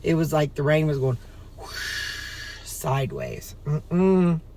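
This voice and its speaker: A woman's voice: low voice, sing-song, a little slow, dark tone. A woman, a vlogger rambling in folksy casual chat to her viewers while outdoors. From Missouri, USA. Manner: rambling, folksy, chatty, talks straight to viewers.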